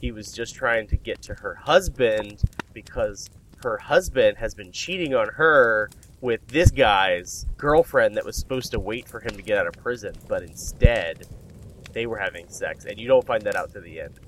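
A man's voice: on the low side, expressive, moderate pace, fairly bright tone, slight background noise. A man rambling through a story in comedic banter with friends, swearing as he goes.

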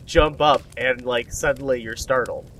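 A man's voice: mid-range voice, fairly even intonation, moderate pace, fairly bright tone, a little hiss or hum. A man rambling through a story in comedic banter with friends, swearing as he goes.

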